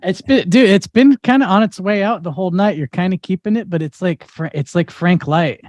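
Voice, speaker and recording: A man's voice: high-pitched, brisk, darkish tone, no room sound. A man bantering casually as a podcast co-host, laid-back, calling people dude.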